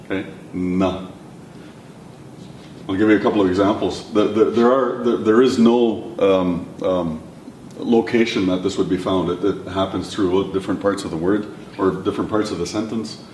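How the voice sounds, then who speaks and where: A man teaching a language lesson, patiently repeating words slowly for his learners. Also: fairly even intonation, a little mellow. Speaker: language instructor. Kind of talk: classroom lesson. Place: classroom or lecture room. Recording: echoey room, mic at a distance, faint rumble.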